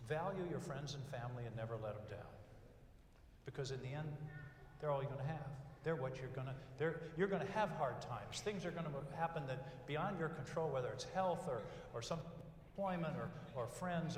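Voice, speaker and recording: A man's voice: on the high side, slight background noise. An older man delivering a graduation speech, telling folksy stories and counting off numbered pieces of advice. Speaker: commencement speaker. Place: large hall at a graduation ceremony. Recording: echoey hall from far off.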